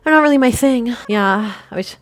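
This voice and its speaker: A woman's voice: on the high side, brisk, voice pushed up, close to an everyday voice. A woman voicing a shy, clumsy, eager young woman who speaks hesitantly and earnestly, reading game dialogue aloud.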